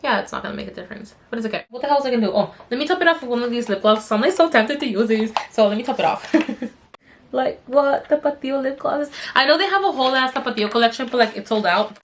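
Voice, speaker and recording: A young adult woman vlogging casually as she does her makeup, her voice sitting a touch high. She rambles through the story with plenty of fillers, chatty and unscripted. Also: lively intonation, quick pace, slight background noise. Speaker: beauty vlogger.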